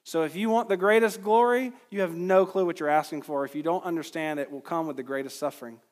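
A man preaches an expository sermon in an earnest, emphatic way. His voice sits somewhat high and climbs at the points he stresses. The sound carries a long reverb from the hall. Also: fast talker. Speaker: pastor.

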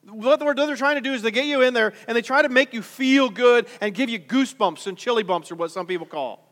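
A man's voice: extremely high pitch, fast, a bit bright, in a large hall. A male pastor preaching a conversational sermon, full of rhetorical questions and repeated restarts.

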